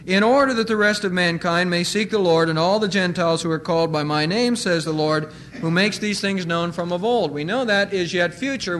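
A male pastor preaching a sermon, slowing to stress single words. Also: high voice, a bit bright, a little hiss or hum.

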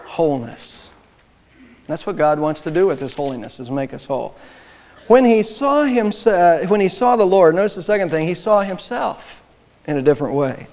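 A man preaching a sermon as pastor, emphatic and swelling louder on key phrases. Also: high-pitched, animated, normal speed. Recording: long hall reverb.

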